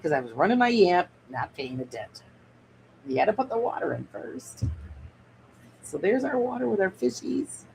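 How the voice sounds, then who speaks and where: A woman's voice: fairly low pitch, vocal fry, a little mellow, slight background noise, poor audio. A woman hosting a casual miniature-crafting stream, chatting in a rambling way and answering viewer comments as she builds. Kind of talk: casual craft livestream chat.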